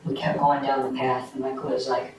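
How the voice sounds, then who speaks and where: A man recounting events in a recorded police interview, speaking quietly and haltingly with many fillers. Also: medium pitch, completely flat delivery. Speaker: suspect recounting a crime. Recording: echoey distant room mic with noise.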